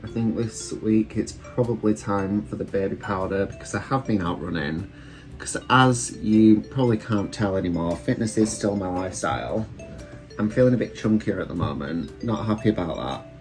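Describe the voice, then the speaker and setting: A man's voice: lowish voice, moderate pace, a little mellow. A British man, a drag queen, chatting casually and self-deprecatingly while doing his makeup at home. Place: room at home. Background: faint background music.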